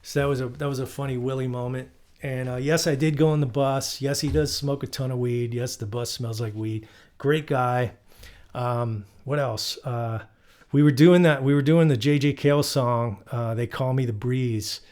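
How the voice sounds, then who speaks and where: Man, guitar channel host, casual storytelling, loose and rambling, mid-pitched voice. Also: moderate pace. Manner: relaxed, rambling, many fillers.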